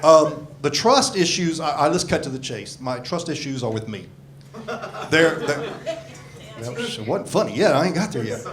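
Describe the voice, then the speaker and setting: A man in his sixties performs a crude, self-deprecating stand-up set on a club stage, cursing freely into a handheld mic. His voice is slightly high, expressive and a bit bright, at a moderate pace. The live club recording carries the audience's laughter.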